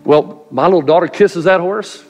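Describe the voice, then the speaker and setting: A man's voice: sits high, normal speed. Male pastor preaching with music behind. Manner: storytelling preacher, earnest with light humor. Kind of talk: sermon. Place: church before a live congregation.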